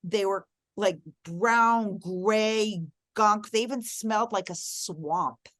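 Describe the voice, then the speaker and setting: A woman's voice: medium pitch, slow pace, fairly bright tone, no room sound, studio quality. A middle-aged woman, a guest in an interview, telling a personal story in an earnest, reflective way and leaning on key words.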